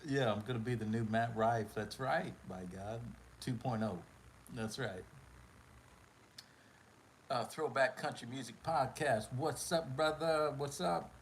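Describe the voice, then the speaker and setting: A man chats slowly and loosely on a home livestream, tagging "man" onto his phrases and breaking into laughter. There's a faint hum of room noise behind him. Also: medium pitch, low-quality recording. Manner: laughs often, drawls "man" at line ends. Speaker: livestream host. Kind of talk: casual livestream chat.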